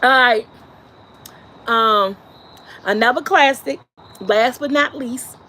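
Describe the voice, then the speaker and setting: A woman hosting a casual live stream, lively and laughing often as she talks to her chat. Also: fairly high pitch, slow, a little hiss or hum. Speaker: vlog host.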